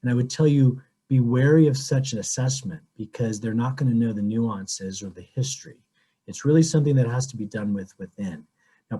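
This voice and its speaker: A priest answering questions in a webinar, speaking conversationally with anecdotes over a video call. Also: male voice, mid-range voice, warm tone, slightly rough. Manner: conversational, with frequent restarts and anecdotes.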